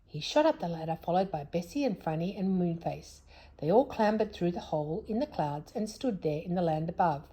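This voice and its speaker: A woman reading a children's story aloud in an expressive, lively way. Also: on the low side, fairly quick.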